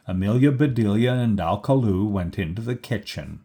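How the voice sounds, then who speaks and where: This is a man reading a kids' picture book out loud, unhurried and animated, who voices the characters' lines at a higher pitch.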